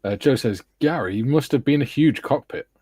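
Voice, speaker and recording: Low husky guy reading out comments on a stream, bouncy pitch, dry close sound. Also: expressive, a little fast, warm tone, dry recording. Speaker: guest modeller on panel. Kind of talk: casual live-stream chat.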